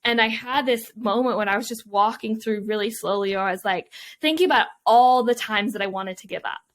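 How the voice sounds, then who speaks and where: A young woman guest in an interview, recalling her past with open emotion and a reflective tone. Her voice sits a touch high, and she talks in quick runs broken by "like" and "um". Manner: emotional, reflective, many fillers. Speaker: Olympian guest. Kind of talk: interview storytelling.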